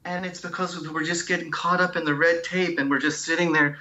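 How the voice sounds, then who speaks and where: A man who is an oncologist, speaking as a guest in a conversational interview, telling stories in an animated, expressive way. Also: fairly high pitch, brisk, highs cut off. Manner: animated, expressive storyteller who acts out sounds and quotes.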